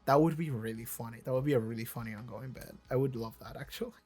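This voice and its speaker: A man's voice: mid-range voice, fast, darkish tone, husky, faint music behind. A man hosting a reaction video, rambling through casual commentary with lots of fillers, restarts and casual swearing.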